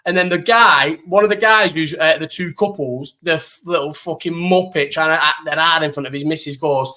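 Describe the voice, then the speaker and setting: A man's voice: on the high side, brisk, few pauses. A young man chatting casually on a live stream, telling stories with lots of swearing and slang. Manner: animated storytelling, heavy swearing, slang. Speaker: live chat host.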